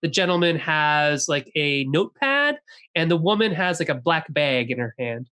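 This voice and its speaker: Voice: medium pitch, big pitch swings, pushed and bright, clear, resonant tone. A game master describes the scene to the players in loose, casual speech. The narration stops and starts, full of fillers. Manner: casual and halting, many fillers.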